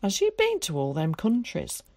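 A woman reading aloud, voicing a blunt, scornful working-class village boy with rough dialect. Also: mid-range voice, wildly swooping pitch, moderate pace, darkish tone, no room sound.

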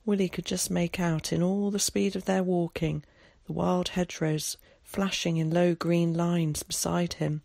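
A narrator reading a novel aloud in a measured storytelling manner. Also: medium pitch, level tone, creaky, a little mellow, no echo, studio quality. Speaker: audiobook narrator. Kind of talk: scripted narration.

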